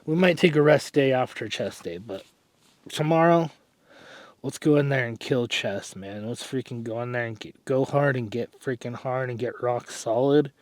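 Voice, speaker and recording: A man's voice: mid-range voice, normal speed, a little mellow, dry recording. A young man chatting casually to camera in a fitness vlog, out of breath, rambling and sighing. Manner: rambling, self-correcting, sighs and clears throat. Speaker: fitness vlogger.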